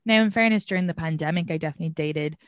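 A woman's voice: deep voice, rapid-fire, no room sound. An Irish woman hosting a podcast, chatting casually in a rambling way, with lots of "like". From Ireland. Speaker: podcast host. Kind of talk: casual chat.

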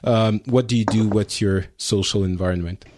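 A man's voice: on the low side, fairly even intonation, normal speed, darkish tone, a little hiss or hum. A man from France, hosting a podcast in casual chat with many restarts and fillers. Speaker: podcast host.

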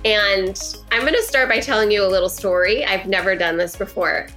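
Woman podcast host, forties, from Los Angeles, excited, effusive. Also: medium pitch, brisk, soft background music. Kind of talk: casual interview chat.

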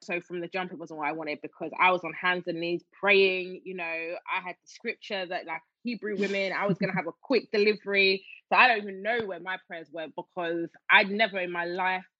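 Woman, low voice, emotional storytelling, dull dry recording. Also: steady tone, fairly quick, hardly any pauses, pushed and bright, no echo. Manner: emotional, many fillers and restarts. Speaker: guest. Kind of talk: personal storytelling in an interview.

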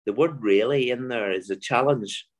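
A man with a Belfast accent, a guest author telling animated stories in an interview. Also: medium pitch, normal speed. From Belfast, Northern Ireland. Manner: animated storyteller, mimics voices in anecdotes. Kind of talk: storytelling interview.

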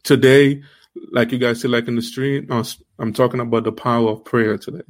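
A man with an accent hosting an online faith series, preaching in an emphatic way with repeated rhetorical questions and halting restarts. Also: steady tone. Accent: non-native accent. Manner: halting restarts, rising pitch when stressing. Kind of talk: livestream preaching.

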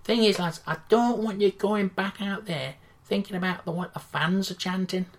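A woman's voice: mid-range voice, steady tone, moderate pace, close to an everyday voice. A woman doing a rambling, bashful football manager. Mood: rousing. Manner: rambling, hesitant, filler-heavy. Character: flustered male football caretaker manager, modest. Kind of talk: comedy sketch.

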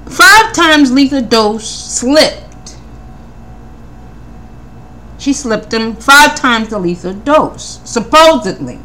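Reading from notes for casual commentary, a female podcast host with a fairly high pitch asks question after question in an animated, rapid-fire way. She repeats words and speaks in a preacherly Christian tone.

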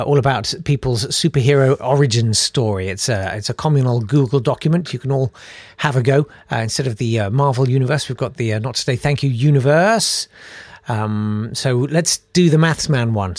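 A man's voice: medium pitch, normal speed, no echo. A man hosting a casual news chat, sarcastic and rambling, full of ums and uhs. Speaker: host.

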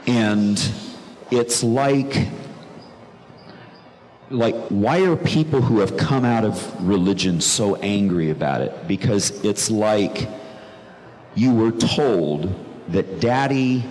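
He speaks slowly and pauses often, his lowish voice darkish in tone, as he tells the earnest, reflective story of his conversion and repeats phrases for emphasis. Faint background noise sits under long reverb from a large room.

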